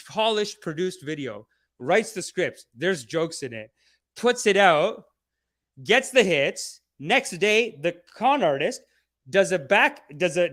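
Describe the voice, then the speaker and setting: A man's voice: high-pitched, fairly bright tone. A man hosting a podcast, rambling, profane and mocking in loose commentary. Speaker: podcast host.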